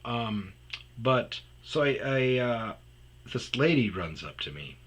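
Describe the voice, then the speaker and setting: A man's voice: medium pitch, big pitch swings, slow, fairly bright tone, breathy edge, rough recording. A man hosting a podcast, rambling through a personal story and trailing off into mumbles. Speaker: podcast host.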